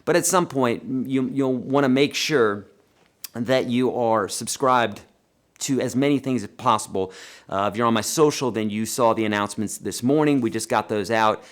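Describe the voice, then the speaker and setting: A man hosting a live guitar lesson and Q&A, chatty and animated, talking to viewers as friends and reading their questions aloud. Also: medium pitch, normal speed. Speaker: guitar teacher hosting a livestream.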